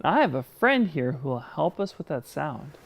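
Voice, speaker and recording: A man teaching children how to say their sounds, with a lively voice that rises and falls widely. He talks straight to the boys and girls at home with patient, animated encouragement. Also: a little high, moderate pace, creaky. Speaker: children's speech teacher and show host. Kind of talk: children's educational show.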